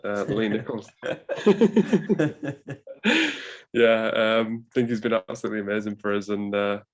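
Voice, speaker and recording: Brief: young man, dry wit, slightly low voice, casual podcast chat. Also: measured pace. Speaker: podcast co-host.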